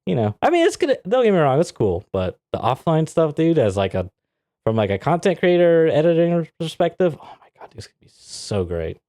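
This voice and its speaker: A man's voice: a little high, a little fast, dry recording, clean studio sound. A man co-hosting a podcast, telling a story in casual chat, often laughing and acting out what people said. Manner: animated, laughs often, acts out quotes. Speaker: podcast co-host.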